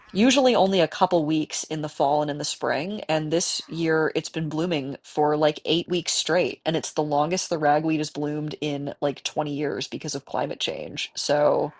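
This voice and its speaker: A woman's voice: deep voice, creaky. A woman from the Midwest with a cold, chatting casually and rambling while she plays a game, talking to the animals on screen. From American Midwest. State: has a cold. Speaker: gaming streamer. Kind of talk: casual gameplay chat.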